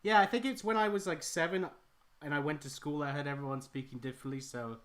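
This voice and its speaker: A man's voice: fairly high pitch, quick pace, fairly bright tone. A British man hosting a live stream, talking in casual chat. He tells rambling, self-deprecating stories. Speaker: stream host, artist.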